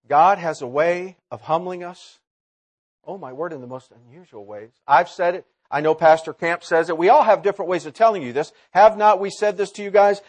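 A man preaching a sermon in a college chapel, swinging between loud emphatic lines and low quiet asides. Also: animated, brisk.

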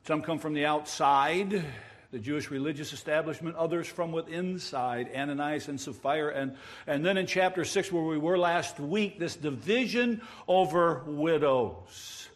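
A pastor preaching a sermon, explaining a passage earnestly with emphatic rises and wordplay. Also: male voice, a little high, normal speed. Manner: self-described wordsmith, plays with words.

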